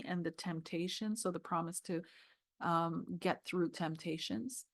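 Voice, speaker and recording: A woman's voice: fairly low pitch, fairly even intonation, measured pace, no echo, clean studio sound. A woman reviewing a tarot deck, reading scripture passages aloud and talking with emotional, tearful awe. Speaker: tarot reader.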